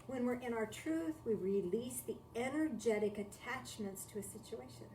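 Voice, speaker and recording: With lively intonation, a slightly high pitch, a darkish tone and a moderate pace, a woman gives a spiritual talk streamed live from home. She is reflective and conversational, repeating key phrases and asking rhetorical questions, heard through a distant mic in an echoey room with faint noise.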